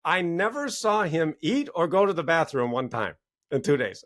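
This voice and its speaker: A middle-aged man talks as a guest on a podcast, his voice sitting a little high for a man. He tells stories with plenty of energy and leaps up in pitch when he acts out a scene. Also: normal speed. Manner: excitable, acts out scenes with big pitch jumps. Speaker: podcast guest, author and coach. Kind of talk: animated conversational storytelling.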